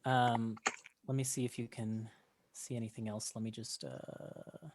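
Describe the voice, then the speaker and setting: A woman's voice: very deep voice, flat delivery, a little slow, a little mellow. A woman narrating as game master in a chatty, giggly way, with many fillers.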